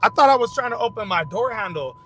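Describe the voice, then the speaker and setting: A man's voice: lively intonation, fast talker, sharp tone. A young man hosting a fight commentary channel, telling loose, profane stories in rambling casual talk while he drives. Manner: rambling storytelling, loose and profane, frequent restarts. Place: in a car while driving. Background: vehicle rumble.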